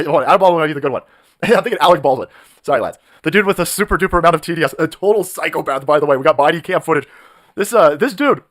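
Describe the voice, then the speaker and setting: Loud, fast, profane ranting man. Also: a little high. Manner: profane, mocking, shouting rants with mimicked voices. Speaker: live stream host. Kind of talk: ranting political live stream.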